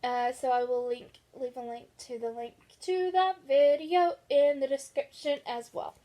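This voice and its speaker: A woman's voice: high-pitched, fairly even intonation, a little slow, mellow, faint music behind. A young woman vlogging about books in casual chat, chatty and gushing, laughing often. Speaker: book vlogger.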